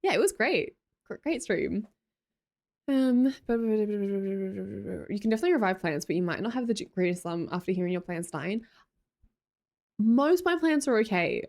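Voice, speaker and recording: A woman's voice: medium pitch, expressive, normal speed, gravelly, darkish tone. A young Australian woman chatting casually on a live stream, greeting chatters and laughing often. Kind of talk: casual live-stream chat, reading chat aloud.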